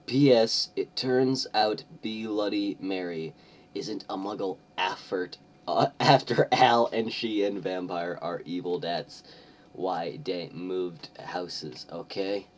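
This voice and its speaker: A man's voice: sits low, slow, distant mic. A man reading out an author's note as a whiny, angsty teenage girl, drawling and sulky.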